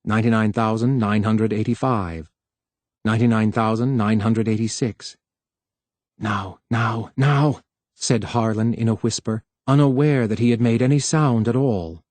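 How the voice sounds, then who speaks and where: A man reading a novel aloud as an audiobook narrator, in a steady, measured way. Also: lowish voice, no room sound. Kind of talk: scripted narration.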